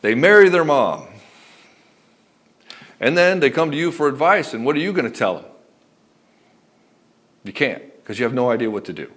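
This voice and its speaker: A man's voice: medium pitch, big pitch swings, normal speed, pauses often, a bit bright. A man giving relationship advice as a coach, speaking bluntly and emphatically, with frequent swearing. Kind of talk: direct-to-camera advice monologue.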